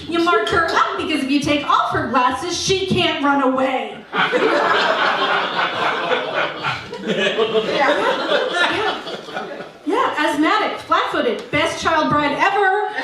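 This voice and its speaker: A woman comedian performing a stand-up set on a comedy club stage, with dry, self-mocking delivery. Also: high-pitched. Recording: echoey room captured from far off.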